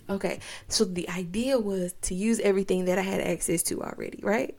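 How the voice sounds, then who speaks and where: A young woman hosting a podcast, telling a personal story in an expressive, emotional, animated way. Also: medium pitch, fairly quick, vocal fry. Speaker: podcast host.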